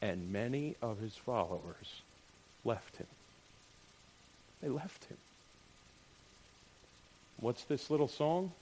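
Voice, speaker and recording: A man preaching a sermon, animated, firing off rhetorical questions and checking in with "right?". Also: medium pitch, takes it slowly, long pauses, slight background noise. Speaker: pastor.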